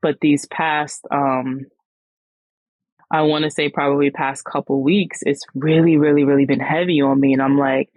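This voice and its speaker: A woman's voice: low voice, steady tone, measured pace, darkish tone, dry recording, low-quality recording. A woman hosting a podcast, telling a personal story in a candid, slangy way with frequent restarts. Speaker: podcast host.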